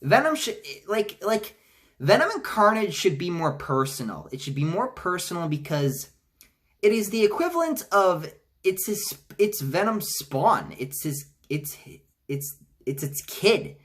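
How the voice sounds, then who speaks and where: A man giving a casual trailer reaction, rambling with many restarts and some swearing, and mocking lines in high-pitched voices. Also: very animated, unhurried, a bit bright. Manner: rambling, frequent restarts and profanity. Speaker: movie reviewer.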